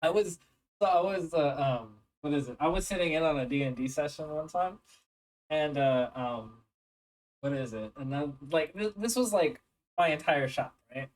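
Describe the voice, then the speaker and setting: A woman with a lower-pitched voice chats with her tabletop group, rambling through stories full of fillers and bursts of laughter. She slips into voices for the people she quotes. She sits a little back from the mic. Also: moderate pace, darkish tone, recorded from a distance, rough recording. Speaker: tabletop game player. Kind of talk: casual chat between players.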